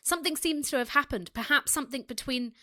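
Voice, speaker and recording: A woman's voice: high voice, fast, pushed and bright. A British woman co-hosting a podcast, casually reading fan fiction aloud and laughing often. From Britain. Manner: giggly, reads aloud with frequent laughter. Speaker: podcast co-host.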